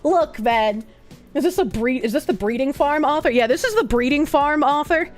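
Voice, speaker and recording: A woman's voice: high voice, moderate pace, faint music behind. A woman streamer with a Boston accent, chatting bluntly and casually with her viewers, swearing often and breaking into laughs.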